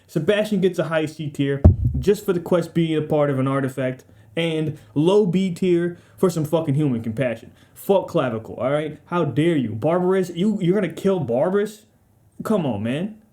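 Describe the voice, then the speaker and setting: A man's voice: on the high side, mellow. A man giving a casual, rambling game ranking commentary, profane, slangy and sarcastic. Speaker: gaming video creator.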